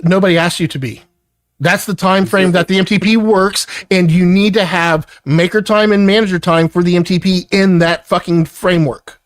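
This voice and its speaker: High-voiced guy chewing out his employee, cursing nonstop, dead dry room. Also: fairly even intonation, normal speed, no echo. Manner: angry, profane, lecturing. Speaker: business owner confronting an employee. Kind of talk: heated work argument.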